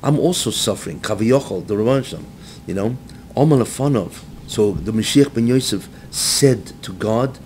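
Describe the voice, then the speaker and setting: Speaking at a normal speed with lively intonation, this man is a rabbi giving a Torah class before a live audience. He blends Hebrew into his English, keeps asking "right?", and gets close to shouting as he dramatizes the text, with a faint low rumble in the background.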